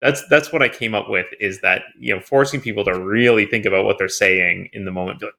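Host, man, gravelly, bright tone, relaxed musing chat. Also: lowish voice, quick pace. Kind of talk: casual conversation.

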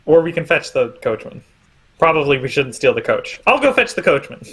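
Man player, husky and bright, polite, halting. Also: on the high side, very animated. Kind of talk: tabletop game role-play.

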